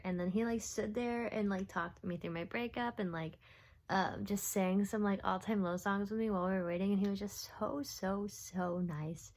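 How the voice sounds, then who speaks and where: A woman's voice: medium pitch, normal speed. A young woman talking straight to camera in a casual confessional vlog. She rambles and overshares, filling gaps with ums and little laughs, and now and then drops to a whisper. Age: young adult. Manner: rambling, oversharing, with frequent fillers and soft laughs. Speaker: vlogger.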